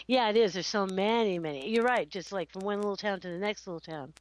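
A woman hosting a casual chat, talking in an animated, rambling way with frequent laughter. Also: mid-range voice, fast, rough recording. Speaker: host.

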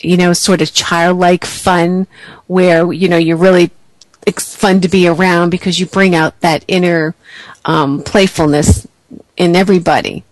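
A woman's voice: on the low side, steady tone, a little slow, no echo, rough recording. Reassuring woman psychic, dry close sound. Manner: reassuring, encouraging, many "you know" fillers. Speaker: psychic reader. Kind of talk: intuitive reading for a caller.

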